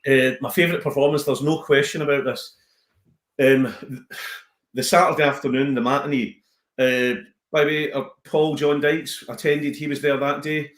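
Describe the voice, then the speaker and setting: A Scottish man, a comedian, chatting casually on a podcast as an animated storyteller who slips into voices. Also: fairly high pitch, moderate pace, echoey room. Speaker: comedian guest.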